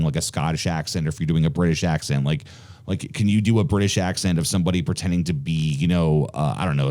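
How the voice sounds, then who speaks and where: Very deep-voiced man in eager podcast chat. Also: mellow. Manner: eager, fast bursts, swears casually. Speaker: podcast co-host. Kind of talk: casual chat.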